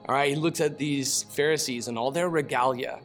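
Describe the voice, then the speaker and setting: Man, mid-pitched, animated and slangy Bible teacher who reads scripture and laughs at his own asides; faint music underneath. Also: a little fast.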